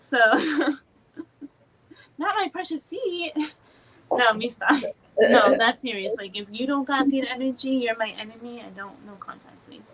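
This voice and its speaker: A woman co-hosting a podcast in casual chat, expressive, laughing often and swearing freely. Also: on the high side, moderate pace, low-quality recording. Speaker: podcast co-host.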